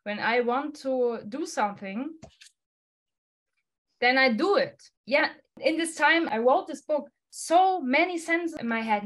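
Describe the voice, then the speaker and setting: Woman guest, slightly high voice, non-native English, forceful and blunt, laughs a lot. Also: unhurried. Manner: emphatic, laughs often, blunt swearing. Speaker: guest musician. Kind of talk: podcast interview answer.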